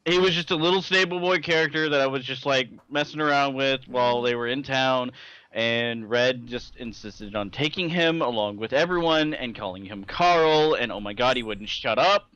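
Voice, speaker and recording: A man's voice: mid-range voice, moderate pace, fairly bright tone, clear, resonant tone, no echo, highs cut off. A young man co-hosting a casual gaming podcast, blunt and joking, swearing casually as he tells stories. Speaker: podcast co-host, dungeon master. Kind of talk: casual chat.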